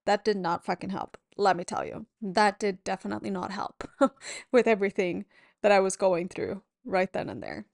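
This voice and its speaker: A woman hosting a podcast as a yoga teacher, talking in a gentle, candid and reassuring way at home. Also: medium pitch, lively intonation, moderate pace, vocal fry, dry recording, clean studio sound. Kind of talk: reflective solo podcast talk. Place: at home at a table.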